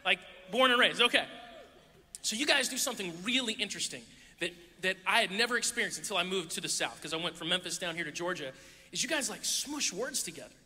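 Male preacher, sermon delivery, very bright tone, playful storytelling with voices, echoey hall. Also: sits high, lively intonation, fast talker, husky. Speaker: youth pastor. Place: church hall with audience.

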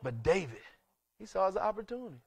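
A male pastor preaching a sermon, driving it with repeated rhetorical questions, call-and-response, and sudden shouts. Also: sits high, sing-song, fairly quick, vocal fry, breathy edge.

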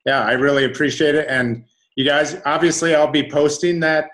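A man's voice: on the high side, little pitch movement, moderate pace, fairly bright tone. A man hosting a team call, thanking the guest speaker in a casual, appreciative way. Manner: appreciative, informal. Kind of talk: casual wrap-up.

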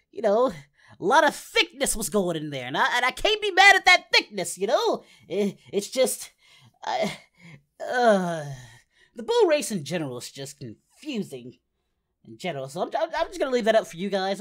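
A woman voicing a brash, excitable adult male martial artist hero, giving in-character reaction commentary and yelping at the screen. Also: mid-range voice. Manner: excitable, yelps and shouts at the screen. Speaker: reaction video host.

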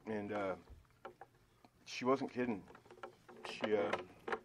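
A man giving his personal testimony at a church Sunday school, speaking haltingly with many fillers and restarts, often emotional. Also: on the low side, noisy background.

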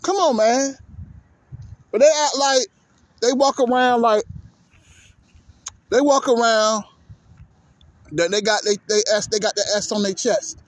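Heated male vlogger, very high pitch, dry close mic, curses and stumbles. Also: a little slow, long pauses, dry recording. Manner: heated, cursing, repeats words. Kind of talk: profane sports rant.

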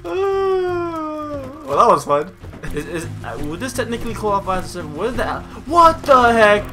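An excitable man narrates his own gameplay, his voice swinging from low mutters to sudden high yelps. Game music plays clearly underneath him. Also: fast talker. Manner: excitable, yelps and jumps in pitch when surprised. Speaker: gaming channel host. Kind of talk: let's play commentary. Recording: music playing behind the voice.

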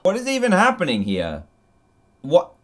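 A man's voice: high voice, moderate pace, a little hiss or hum. A young man with an English accent, commentating as a YouTube host as he reacts to funny clips. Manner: animated, exclaiming and laughing at clips.

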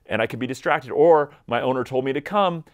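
A man's voice: medium pitch, a little fast, close to an everyday voice. A man voicing the inner thoughts of a clever male dog as it muses to itself and weighs up its options. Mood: musing. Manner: musing, talking to himself.

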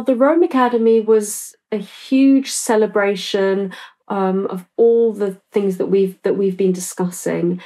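A woman who organizes an opera academy explains its plans in an interview. She sounds composed and clear. Her voice sits at a middle pitch. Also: a little mellow. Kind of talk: interview answer.

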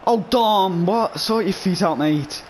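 A young man from England talks through his football game in a chatty way, reacting excitedly as the action unfolds. He sniffles now and then. His voice sits slightly high, with faint noise in the background. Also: slow pace. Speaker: gaming YouTuber. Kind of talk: casual gameplay commentary.

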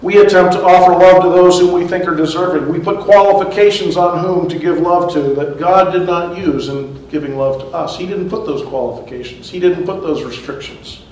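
A man's voice: sits high, brisk, hardly any pauses, darkish tone, a little hiss or hum. A man giving a conversational sermon as pastor, chuckling at his own asides. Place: church sanctuary. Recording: echoey church hall, mic far off.

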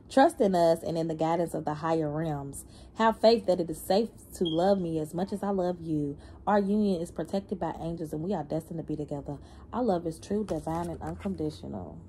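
A woman giving a casual spiritual card reading, animated and slangy, humming and laughing between lines. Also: lowish voice, slight background noise. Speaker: tarot reader.

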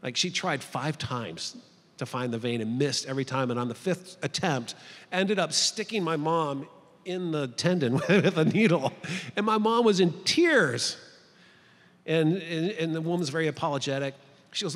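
Male retreat speaker, high voice, lively storyteller, long hall reverb. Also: moderate pace. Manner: animated, acting out the voices in his story. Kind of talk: storytelling talk to clergy. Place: large conference hall.

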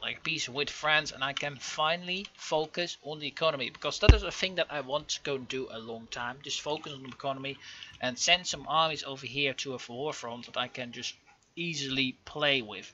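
A young man giving casual, rambling commentary over a strategy game, full of ums and self-corrections, with excitable outbursts. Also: medium pitch. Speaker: gaming channel host. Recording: dull lo-fi home mic.

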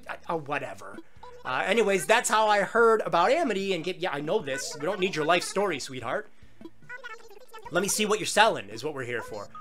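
A man giving excitable, jokey commentary on his gameplay and chatting back at the game characters. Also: a little high, fairly quick. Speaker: gaming video host. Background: faint game music.

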